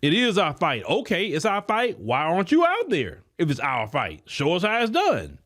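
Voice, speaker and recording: Animated high-voiced male podcast host. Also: normal speed. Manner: preachy, emphatic, addresses listeners directly; colloquial, many repeated words. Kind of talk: political commentary monologue.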